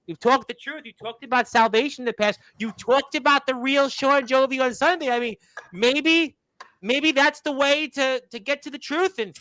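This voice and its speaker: High, bright-voiced wrestling radio host man. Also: moderate pace, poor audio. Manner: rambling, folksy, repeats words. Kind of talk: wrestling talk show banter.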